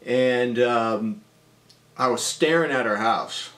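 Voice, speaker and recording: A man in his forties telling a personal story in a casual, deadpan-humorous way, with frequent ums and uhs. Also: medium pitch, slow pace.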